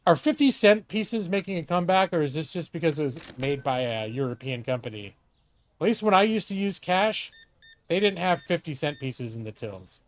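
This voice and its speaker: His voice sits on the high side and is expressive, moving at a moderate pace. The middle-aged man is live-streaming a game, chatting and swearing casually while talking to himself and making asides to a co-host.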